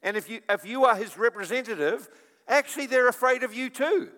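A male preacher giving a sermon in an animated storytelling manner, with chuckling asides. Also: very high voice, a little fast. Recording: long reverb of a large hall.

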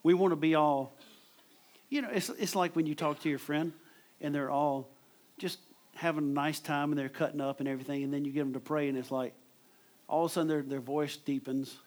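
Conversational male preacher, slightly high voice. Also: fairly even intonation, fairly quick, darkish tone, a little hiss or hum. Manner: conversational, repeats words when stressing a point. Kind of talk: sermon.

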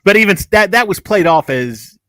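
A man's voice: high-pitched, animated, fairly quick, a bit bright, no echo. A man co-hosting a casual TV review podcast, talking in a rambling, chatty way with many asides. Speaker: podcast co-host reviewing TV episodes.

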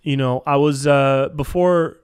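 A man's voice: medium pitch, fairly even intonation, unhurried, clear, resonant tone, no echo, studio quality. A man hosting a solo podcast, freestyling in a casual, rambling way, swearing freely and calling everyone dude, on a podcast microphone. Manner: casual, rambling, profane, says dude a lot. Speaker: podcast host.

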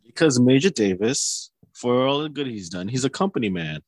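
A man's voice: mid-range voice, moderate pace, dry recording, studio quality. A man co-hosting a podcast, chatting casually about a TV episode and chuckling along. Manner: relaxed agreeing, chuckles often. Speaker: podcast co-host. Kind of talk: casual episode recap chat.

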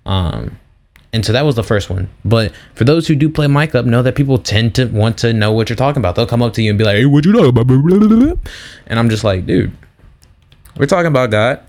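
A young man hosting a faith podcast, telling stories in a casual, slangy, animated way. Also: medium pitch, quick pace. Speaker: podcast host. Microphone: podcast mic.

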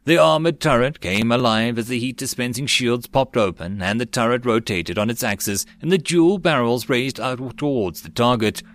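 A man's voice: mid-range voice, moderate pace, hardly any pauses, a bit bright, no echo. Man narrating an audiobook, dry close sound. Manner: reads all parts himself, lifting his voice for quoted lines. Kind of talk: amateur web novel audiobook reading.

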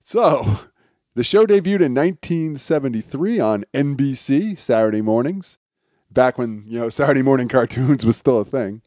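A man co-hosting a casual podcast, relaxed as he shares trivia with small chuckles. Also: medium pitch, moderate pace, no echo, studio quality. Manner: relaxed storytelling of show trivia, chuckles often. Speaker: podcast co-host.

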